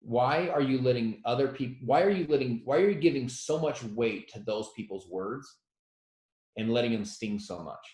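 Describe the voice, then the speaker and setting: A man in his thirties telling a personal story as a motivational speaker, animated and self-deprecating, who acts out the quotes loudly. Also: mid-range voice, normal speed, reverberant, low-quality recording. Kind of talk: storytelling talk.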